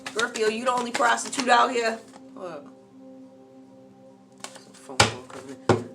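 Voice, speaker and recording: Woman tarot reader, casual and animated, slangy asides, soft music bed underneath. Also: fairly high pitch, unhurried, vocal fry. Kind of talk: casual tarot reading monologue.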